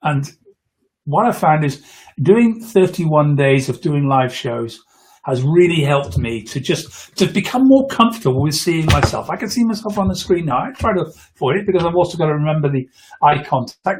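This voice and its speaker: A man's voice: a little high, lively intonation, moderate pace. A man coaching public speaking in a live video, talking earnestly into a close microphone and often restarting his words. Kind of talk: live-streamed speaking tips. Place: indoors, in front of a camera for a live video. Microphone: close microphone at a computer.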